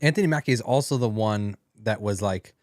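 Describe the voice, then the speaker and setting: A man co-hosting a casual commentary chat, easygoing and quick to agree. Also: on the low side, no room sound, studio quality. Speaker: podcast co-host.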